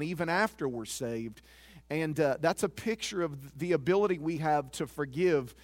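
Male pastor, high voice, earnest confessional sermon delivery, dry close recording. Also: no room sound. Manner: earnest, confessional preaching with repeated words.

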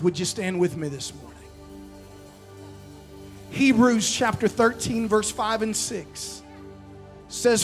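A man preaching a sermon as pastor, calling for responses from the congregation and slowing down to stress key lines. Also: high-pitched, soft background music. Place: church sanctuary.

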